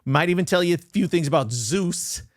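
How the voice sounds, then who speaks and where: A man hosting a podcast, excitable and teasing, joking loudly with his co-host. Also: a little high, normal speed, dry recording, clean studio sound. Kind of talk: casual chat.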